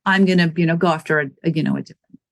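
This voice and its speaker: A woman's voice: fairly low pitch, racing, dry recording. Chatty woman telling stories, dry sound. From Wisconsin, United States. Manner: chatty storyteller, acts out quotes, laughs often. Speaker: running shoe store owner, guest. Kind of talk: casual interview chat.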